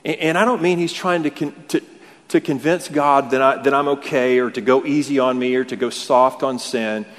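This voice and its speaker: A man's voice: medium pitch, steady tone, moderate pace, fairly bright tone. A male pastor preaching a conversational sermon, full of rhetorical questions and repeated words. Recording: long hall reverb.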